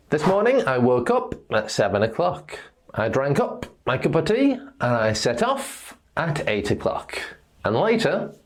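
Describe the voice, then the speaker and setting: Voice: medium pitch, a little mellow. A pronunciation teacher, giving a lesson and carefully modelling words one by one. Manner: slow, deliberate, demonstrates words one at a time.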